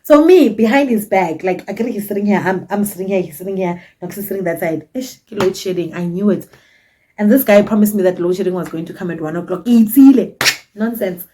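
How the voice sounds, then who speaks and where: South African woman, twenties, vlogger, dramatic cheeky storyteller, mid-pitched voice. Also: brisk, mellow, a little hiss or hum. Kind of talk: casual storytime.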